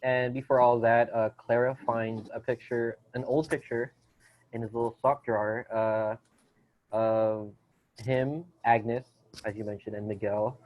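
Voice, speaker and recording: A man's voice: medium pitch, level tone, a little slow. A man hosting a podcast, chatting casually about a movie, rambling with many fillers and restarts. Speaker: podcast host. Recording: dull lo-fi sound.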